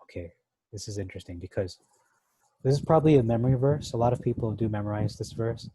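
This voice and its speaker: Dark-voiced man teaching Bible verses. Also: fairly low pitch, quick pace, breathy edge, poor audio. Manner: conversational, thinking aloud with fillers and asides. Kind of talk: casual verse-by-verse Bible study.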